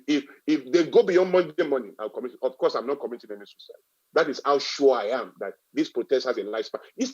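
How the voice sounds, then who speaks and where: A man's voice: fairly high pitch, dull audio. A man with a Nigerian accent giving a public talk, emphatic and repetitive, driving points home with rhetorical questions. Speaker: guest speaker.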